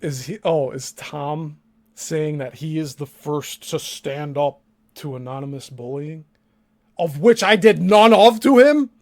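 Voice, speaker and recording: High-voiced, crude, mocking male host. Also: lively intonation, measured pace, a little mellow. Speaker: show host. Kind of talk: live-stream commentary.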